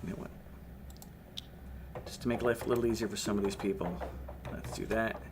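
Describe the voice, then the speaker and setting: A man's voice: on the low side, steady tone, fairly quick, background noise. A man with a strained voice giving livestream commentary on a game, scolding the little colonists on screen and swearing at them. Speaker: game streamer.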